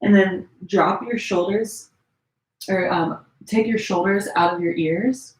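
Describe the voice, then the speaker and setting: A woman teaching a gentle yoga class, giving relaxed, chatty cues with many fillers while she demonstrates the poses, a little strained as she holds them. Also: medium pitch, slow. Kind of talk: live-streamed yoga class instruction. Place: room at home. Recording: echoey room.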